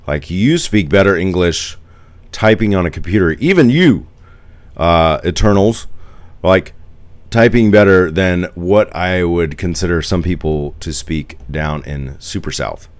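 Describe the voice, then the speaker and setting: Deep-voiced chatty streamer guy. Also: unhurried, dry recording. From United States. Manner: rambling, chatty, reads and answers viewer comments. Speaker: live streamer. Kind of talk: casual live-stream chat.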